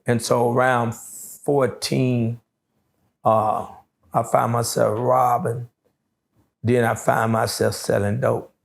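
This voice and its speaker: A middle-aged man with a gravelly, fry-laden voice settles into a long story for an interviewer. He drawls through it at an easy pace, full of "uh"s and "you know what I'm saying". His pitch sits right in the middle for a man. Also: flat delivery. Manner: slow, drawling storytelling with many fillers. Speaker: interview guest.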